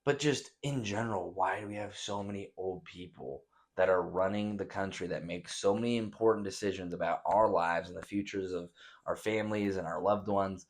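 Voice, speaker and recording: A man's voice: deep voice, normal speed. Profane young man ranting. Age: young adult. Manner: profane, mocking, reads news aloud then riffs with exaggerated voices. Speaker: podcast host. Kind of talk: casual rant reacting to news.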